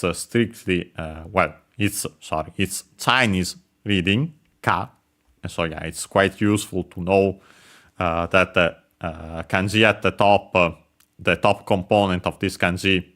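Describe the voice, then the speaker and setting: A man's voice: low-pitched, fairly bright tone. A man teaching on a casual livestream lesson, hesitant and full of fillers and self-corrections. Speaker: language teacher streaming.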